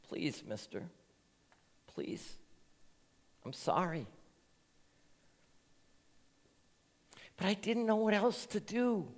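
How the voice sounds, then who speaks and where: A man voicing a tearful young boy who pleads softly for help, in a reverberant church. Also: sits high, animated, slow, pitched above the performer's own voice, exaggerated voice. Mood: pleading. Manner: soft, pleading, near tears.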